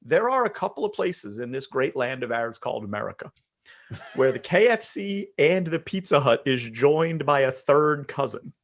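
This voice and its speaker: A man's voice: medium pitch, very animated, normal speed. A man co-hosting a casual podcast, teasing and bantering with his partner. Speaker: podcast co-host. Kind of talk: casual chat.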